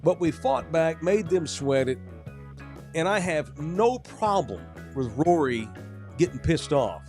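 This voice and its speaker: A man's voice: fairly high pitch, sing-song, slow pace, darkish tone, faint music behind. A man co-hosting a sports podcast, ranting casually with lots of profanity. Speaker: podcast co-host.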